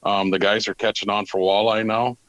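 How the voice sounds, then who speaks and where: A man who owns a tackle company, answering questions plainly and matter-of-factly. His voice sits a little low, and the recording is dry and close. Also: little pitch movement, a little fast, fairly bright tone, no echo, lo-fi sound. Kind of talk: interview answers.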